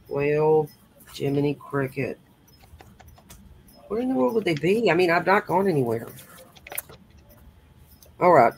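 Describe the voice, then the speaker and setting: A woman's voice: sits low, a little hiss or hum. A woman hosting a casual crafting chat, talking as she works and tossing in folksy exclamations. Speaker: host.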